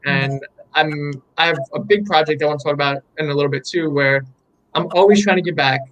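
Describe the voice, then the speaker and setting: A man's voice: a little high, steady tone, a little fast, fairly bright tone, poor audio. A young man, an artist being interviewed, telling a story in an enthusiastic, rambling way with many fillers. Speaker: artist guest. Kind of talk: candid interview chat.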